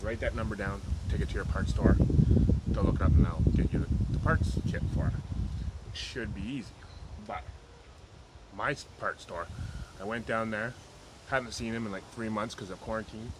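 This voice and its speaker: A man's voice: fairly low pitch, normal speed, long pauses. A man chatting casually in his car-repair vlog, rambling and joking offhandedly. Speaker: car hobbyist vlogger. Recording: noisy home video with steady background noise.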